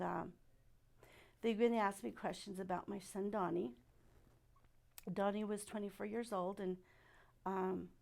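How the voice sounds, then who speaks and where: A middle-aged woman giving a personal testimony at church, speaking softly and haltingly with many pauses. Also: medium pitch, creaky. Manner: halting and soft-spoken, many pauses and fillers.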